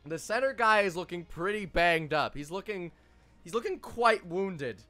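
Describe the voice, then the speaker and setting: A man's voice: high-pitched, lively intonation, normal speed, sharp tone, soft background music. A man narrating as game master of a tabletop game, loose and joking, with many fillers.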